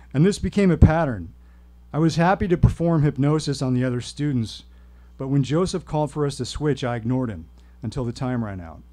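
A man telling a personal story at a live reading, with wry, deadpan humor. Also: mid-range voice. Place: stage at a live show.

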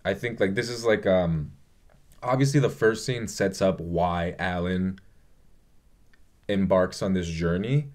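A man's voice: deep voice, a little slow, long pauses, darkish tone. A young man chatting casually about a movie he loves, rambling and gushing, with lots of swearing and fillers. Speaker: vlogger reviewing a movie. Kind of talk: casual movie review chat.

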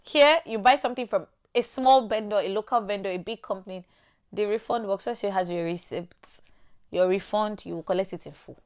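A woman's voice: mid-range voice, fairly quick. A young Nigerian woman with a Nigerian accent, chatting to camera in a casual vlog and repeating her points for emphasis. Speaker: vlogger.

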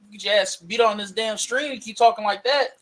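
A man's voice: sits high, brisk, a bit bright, slight background noise, rough recording. A tired man who just woke up, trading crude, insulting banter in a messy bedroom. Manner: crude, insulting trash talk. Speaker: roommate dragged onto a stream. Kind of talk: casual banter.

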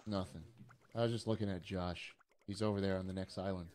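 A young man streaming a game and chatting casually with friends, excitable and swearing when surprised. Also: low-pitched, brisk, slight background noise. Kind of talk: casual gaming chat.

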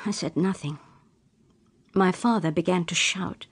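A woman's voice: fairly low pitch, measured pace, slightly rough. A woman reading a short story aloud in plain, simple sentences for English learners. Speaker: story reader.

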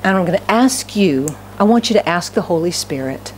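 A woman pastor preaching a sermon in a church. She swings between raised, fervent declarations and hushed, near-whispered pleading, and keeps putting questions to the congregation. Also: on the low side, animated, fairly quick, a little hiss or hum. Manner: asks the congregation rhetorical questions. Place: church sanctuary.

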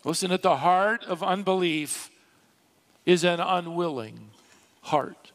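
A man preaching a sermon from a church pulpit, slow and dramatic, swelling into emphatic rises. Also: sits high, fairly bright tone. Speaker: pastor. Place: church sanctuary.

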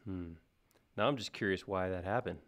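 A man with a lowish, gravelly voice walks through a live software tutorial. He thinks aloud as he goes and jokes at his own expense in a relaxed, chatty way. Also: moderate pace. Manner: thinks aloud, casual and self-deprecating. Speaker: software instructor. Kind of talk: live-stream modeling tutorial.

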